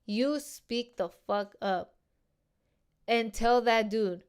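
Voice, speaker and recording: A young woman hosting a casual solo podcast, talking in a slangy, animated way and swearing a lot. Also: on the high side, very slow, clean tone. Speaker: podcast host.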